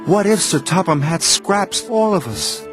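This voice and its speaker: A bright, raised voice for an eager little tank engine, proud and quick to answer, as a man puts him on for a storybook. It swoops higher than the narration, with music underneath. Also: very animated. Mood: worried. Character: cheerful proud young male tank engine. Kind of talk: storybook character voice.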